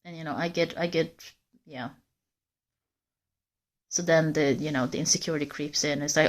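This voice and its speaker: A woman's voice: sits low, fairly even intonation, moderate pace, pauses often. A woman livestreamer walking in a forest, talking candidly and rambling straight to her viewers in casual chat. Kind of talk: casual live-stream chat.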